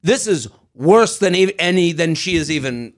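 A man co-hosting a casual advice podcast, joking and animated, often stammering as he restarts. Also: fairly high pitch, moderate pace. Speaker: podcast co-host. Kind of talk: casual chat.

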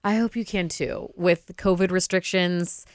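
Young woman podcast host, chatty and giggly, lowish smooth voice, dry close sound. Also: steady tone, measured pace, a little mellow, no echo. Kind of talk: casual chat.

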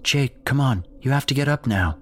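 A man voicing a distraught, furious middle-aged mother in a spoken horror story, pitching his voice up. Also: expressive, normal speed, a little hiss or hum, close to an everyday voice. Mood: coaxing. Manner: shrill, yelling, then coaxing.

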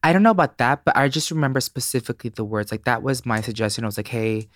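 A man in his late twenties from Florida, a podcast guest telling stories in an animated, casual way and swearing freely. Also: mid-range voice, rapid-fire, dry recording, studio quality. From Florida, United States. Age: late 20s. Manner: animated, swears freely, acts out voices in anecdotes. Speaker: guest, beauty creator. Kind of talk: casual interview storytelling.

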